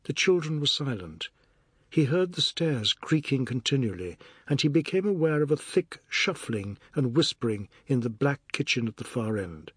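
A man reading a literary novel aloud as an audiobook narrator, measured and even. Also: medium pitch, slightly rough, dry recording, studio quality.

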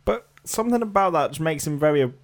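A man's voice: on the high side, lively intonation, fast. A young man co-hosting a casual podcast, hesitant and full of ums and restarts. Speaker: podcast co-host. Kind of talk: casual chat.

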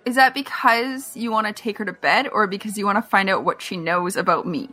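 A woman's voice: mid-range voice, a little fast, bright, forceful tone. A woman playing a tabletop game, giggly and teasing. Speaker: player. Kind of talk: casual chat at a game table.

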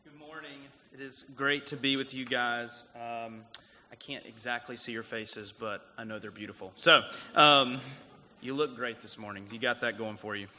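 A man with a South Carolina accent, a guest pastor preaching in a casual, storytelling way. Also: mid-range voice. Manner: casual, animated storytelling with lots of "like" and "um". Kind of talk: sermon. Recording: long hall reverb.

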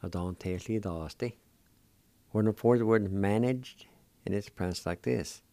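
Brief Male radio language instructor, patient and encouraging, unhurried delivery, mellow low voice, dry close sound. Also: dry recording. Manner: patient, spells words out letter by letter and syllable by syllable; encouraging toward learners. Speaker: radio host teaching Cherokee words.

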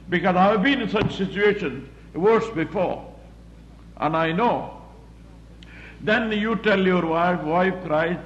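Man preaching a sermon, echoey room. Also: high voice. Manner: plain-spoken, repetitive, halting with fillers. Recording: roomy, muffled recording with faint background hum.

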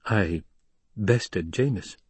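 A man voicing a calm, controlled young noble heir in a storybook reading. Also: on the low side, very slow, husky, no room sound, full character voice.

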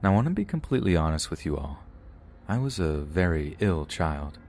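A man reading a first-person scary story as a narrator, grave and steady. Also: deep voice, fairly quick. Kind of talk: scripted horror story narration.

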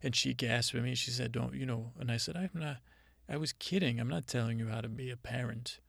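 Playing a self-important female Mother Nature spirit, a man rambles through an improvised comic monologue, his stories halting and deadpan. The voice is creaky and mid-range, with no room sound.

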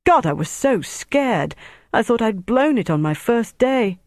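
A man voicing a nervous, eager young male agent who talks excitably. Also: a little high, moderate pace, dry recording, clean studio sound. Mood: excited. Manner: excitable, breathless relief.

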